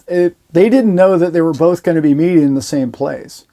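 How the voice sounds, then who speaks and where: A host casually tells his viewers a story in an animated retelling, acting out the quoted lines of the people involved. He speaks in a high-pitched voice at a normal speed.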